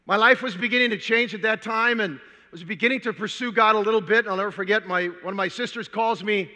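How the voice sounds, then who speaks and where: An older man tells a personal story from a conference stage, animated and humorous. His voice sits very high and sounds strikingly bright. A long reverb from the hall trails behind every phrase. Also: fast. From Minnesota, USA. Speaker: conference speaker. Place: large hall.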